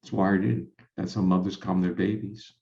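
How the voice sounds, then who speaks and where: An older man being interviewed as a guest scientist, explaining in a measured way and laughing often. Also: sits low, flat delivery, creaky, dark tone. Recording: roomy, dull lo-fi audio.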